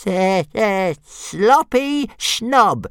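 A man voicing a small cheeky young male dragon who stammers and jeers in a high, squeaky voice. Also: animated, very slow, smooth, no echo, clean studio sound, heavily acted. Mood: jeering.

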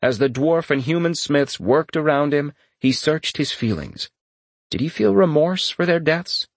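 A man reading a fantasy audiobook aloud in a steady storytelling voice, lifting his pitch for dramatic lines. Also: unhurried, no echo. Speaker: audiobook narrator. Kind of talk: scripted fantasy audiobook narration.

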